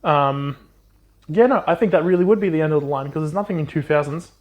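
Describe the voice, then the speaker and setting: A man co-hosting a podcast, casually retelling a children's book plot with swearing and quick silly voices for the characters. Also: fairly high pitch. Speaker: podcast co-host. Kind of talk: casual book recap chat.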